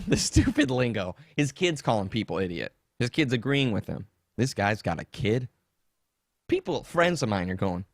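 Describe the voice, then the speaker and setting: Animated mocking male podcast host. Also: mid-range voice, normal speed, long pauses, dry recording, studio quality. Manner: animated, mocking, laughs often, jumps between topics. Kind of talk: casual comedic rant.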